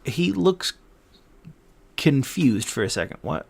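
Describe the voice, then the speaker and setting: Slow-talking male game master. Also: mid-range voice, animated. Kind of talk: narrating a tabletop game.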